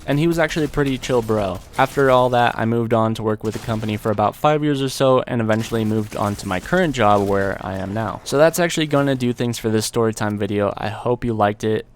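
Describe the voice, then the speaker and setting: A man's voice: on the low side, fast talker, few pauses, slight background noise. A young adult man telling a story from his own life in a casual, laid-back way, with slang and the odd swear word.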